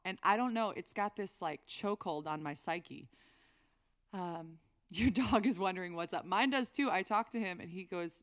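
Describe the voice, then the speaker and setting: A woman's voice: fairly low pitch, normal speed. A woman singer-songwriter chatting on a live stream between songs, rambling and reading chat aloud.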